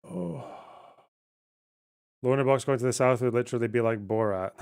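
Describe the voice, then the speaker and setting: A man streamer with a Scottish lilt, talking loosely to his viewers at a mid-level pitch. He is blunt and sarcastic, and he swears freely as he reacts to chat messages. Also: fairly even intonation, moderate pace, long pauses, darkish tone, clean tone. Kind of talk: casual livestream chat reading.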